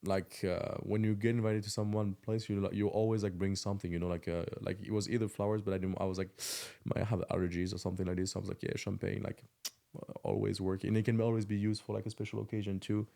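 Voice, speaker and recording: Gravelly, fast-talking French man. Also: on the low side, little pitch movement, mellow. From France. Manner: halting, many fillers, searches for English words. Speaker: podcast guest. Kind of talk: casual chat.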